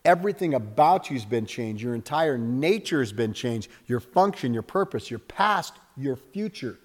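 A man preaching a sermon with lots of energy, acting out little scenes and jumping up and down in pitch and loudness. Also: normal speed, long reverb tail. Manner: animated, acts out little scenes with sudden jumps in pitch and volume. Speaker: pastor.

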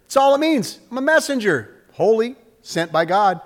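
A man preaching with a fairly high voice and restless energy, swinging between loud bursts and quiet asides as he acts out everyday scenes. The sound rings with a long reverb, as if he stands in a large hall. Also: normal speed. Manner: animated, acts out little scenes with sudden jumps in pitch and volume. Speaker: pastor. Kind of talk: sermon.

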